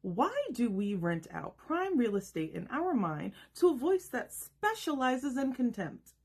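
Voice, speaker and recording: Husky, emphatic woman in her thirties. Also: on the high side, sing-song, darkish tone. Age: 30s. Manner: emphatic, rhetorical, with dramatic pauses and quoted inner voices. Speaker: self-help video host. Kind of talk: scripted motivational monologue.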